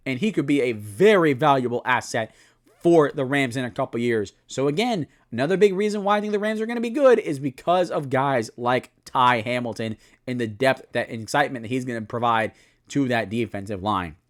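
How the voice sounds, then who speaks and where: A young man giving a solo football season preview, talking it through with animated, self-correcting analysis. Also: mid-range voice, fairly quick. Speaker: sports commentator.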